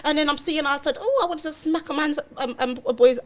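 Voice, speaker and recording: Animated woman telling her story. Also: high-pitched, a little fast. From London. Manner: animated storytelling, acts out her own past dialogue. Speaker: guest. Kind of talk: candid podcast interview.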